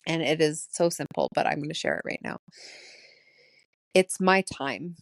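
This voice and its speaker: A woman's voice: sits low, flat delivery, fast, gravelly, dry recording. Emotional woman in her late thirties, shaky voice. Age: late 30s. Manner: emotional, laughing through her words. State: voice shaking, close to tears. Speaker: podcast host. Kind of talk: solo spiritual diary podcast.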